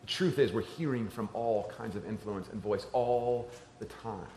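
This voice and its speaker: A man preaching a sermon to a church crowd, talking like a conversation and moving between hushed and emphatic passages. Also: lowish voice, moderate pace, a little hiss or hum. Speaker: pastor. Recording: roomy church echo.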